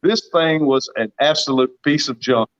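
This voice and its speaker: A man's voice: fairly high pitch, normal speed, lo-fi sound. Folksy Southern man in his fifties. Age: 50s. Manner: folksy storytelling, laughs often. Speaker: guest farmer. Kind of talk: casual livestream chat.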